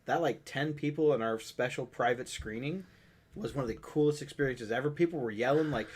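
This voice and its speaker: A man co-hosting a podcast, telling animated stories in casual chat and swearing casually. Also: medium pitch, brisk, slightly rough. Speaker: podcast co-host.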